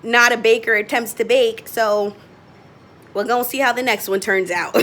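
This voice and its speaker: A young woman vlogging as she bakes at home in her kitchen, chatty and excitable, and she laughs often. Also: fairly high pitch, normal speed. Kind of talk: casual home baking vlog.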